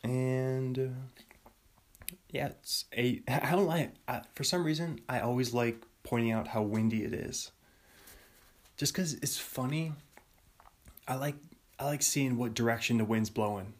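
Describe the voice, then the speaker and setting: A man's voice: mid-range voice, a little slow, long pauses. A man hosting a solo podcast in a rambling, self-amused way, often laughing at his own jokes. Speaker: podcast host.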